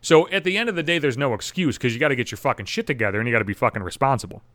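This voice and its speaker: A man's voice: mid-range voice, lively intonation, racing, a bit bright, no echo. Profane, sarcastic man ranting on a podcast. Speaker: podcast host. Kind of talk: solo podcast monologue.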